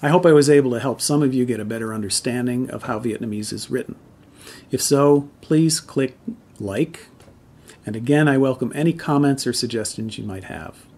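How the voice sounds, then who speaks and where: A man giving a calm, measured language lesson, explaining spelling and tones step by step. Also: medium pitch, slightly rough. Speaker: language teacher.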